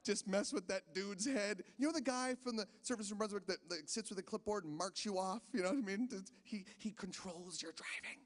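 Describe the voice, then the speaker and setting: A high-voiced male stand-up comedian rambles through his set on a casino stage, talking fairly quickly with few pauses and stammering as he restarts lines. The live venue gives the recording a long hall reverb.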